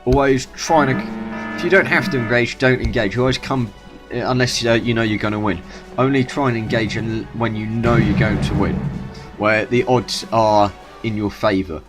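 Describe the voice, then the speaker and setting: A man's voice: medium pitch, fairly even intonation, normal speed, music in the background. A man casually commentating his own strategy game match, rambling and correcting himself as he goes. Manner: rambling, self-correcting, chatty. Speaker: gaming YouTuber. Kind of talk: gameplay commentary.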